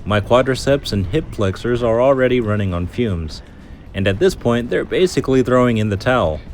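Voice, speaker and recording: A man's voice: medium pitch, animated, normal speed, a little mellow, a little hiss or hum. Winded man on an outdoor trail vlog. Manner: chatty, joking, explains his muscles in plain terms. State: out of breath. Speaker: vlog host. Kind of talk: hiking vlog narration.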